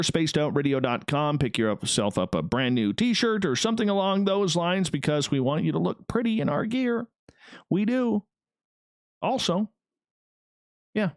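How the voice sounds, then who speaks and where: A man's voice: smooth, no echo, studio quality. A man hosting a live radio show and stream, chatting casually and greeting listeners in an upbeat way. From Canada. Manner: upbeat, chatty, jumps between high and low pitch.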